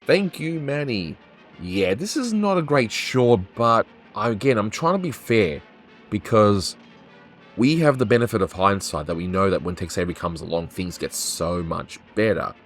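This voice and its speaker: A man's voice: fairly low pitch, lively intonation, moderate pace, faint music behind. A man hosting a cartoon review talk, giving plain, matter-of-fact verdicts. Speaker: host.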